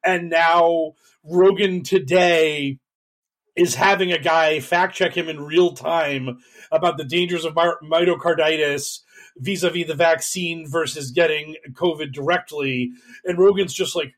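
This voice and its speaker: A man with a slightly raised pitch talks through a casual podcast discussion. He rambles, restarts often and drops into mocking voices for the people he describes. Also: fairly even intonation, moderate pace. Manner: rambling, many fillers, mocking quoted voices. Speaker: podcast co-host. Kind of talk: casual political chat.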